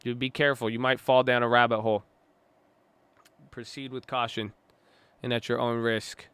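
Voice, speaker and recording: A man giving casual live commentary on the stock market, excitable and easily startled, joking about conspiracy theories. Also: medium pitch, moderate pace, smooth, no echo. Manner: excitable, jumpy, laughs when startled. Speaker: market livestreamer.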